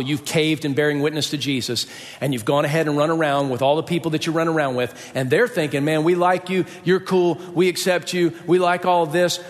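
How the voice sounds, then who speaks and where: Male preacher, slightly high voice, storytelling sermon, long hall reverb. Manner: storytelling, acts out quoted voices.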